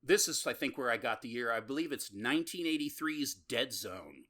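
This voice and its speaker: Animated and fairly bright, this mid-range male voice moves at normal speed. He's a podcast co-host in easygoing conversation, wandering off on tangents and laughing frequently.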